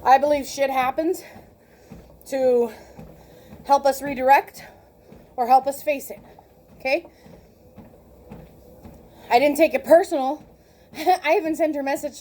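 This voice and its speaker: High-voiced woman telling a story. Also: unhurried, pauses often. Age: 40s. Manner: animated, laughs often, acts out quoted exchanges. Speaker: vlogger. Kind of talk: casual storytelling monologue.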